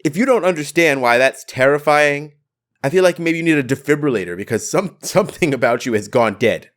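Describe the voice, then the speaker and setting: A man's voice: on the high side, expressive, a little fast. A man hosting his own podcast, giving an impassioned political monologue in a blunt, fervent way, swearing now and then for emphasis. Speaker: podcast host.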